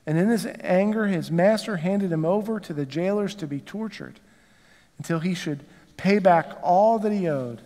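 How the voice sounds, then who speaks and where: A man's voice: high voice, normal speed, dark tone, in a large hall. A male pastor with a Southern American accent, preaching a conversational sermon and putting rhetorical questions to the congregation. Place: church sanctuary.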